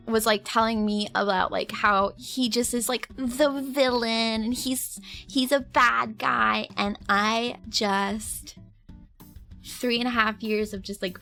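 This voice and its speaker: A young woman streamer telling a story in a casual, animated way, laughing often and breaking into high squeals. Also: gravelly.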